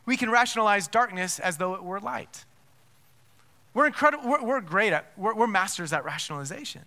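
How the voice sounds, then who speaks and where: A pastor delivers a sermon with emphatic force in a strikingly high, bright voice. Rhetorical questions and stacked, restarted phrases drive each point home.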